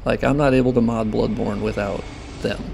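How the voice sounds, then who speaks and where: Gravelly-voiced man ranting casually. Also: medium pitch, fairly even intonation, moderate pace, background noise. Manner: loose, ranting, profane, heated. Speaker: modder and video creator. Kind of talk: casual talking-head commentary.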